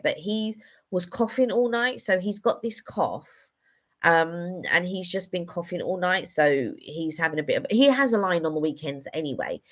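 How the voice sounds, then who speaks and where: A woman chatting casually on a live stream, telling rambling stories with lots of fillers. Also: low-pitched. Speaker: vlogger doing a live stream. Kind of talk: casual chat.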